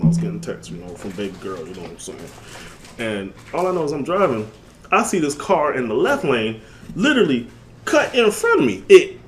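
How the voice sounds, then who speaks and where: A young man in a casual storytelling vlog, voice sitting at a middle pitch. He talks in loose slang full of fillers and leaps up high when he acts out what he said. A faint low rumble sits under the recording. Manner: animated, jumps up in pitch when quoting himself. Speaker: vlogger.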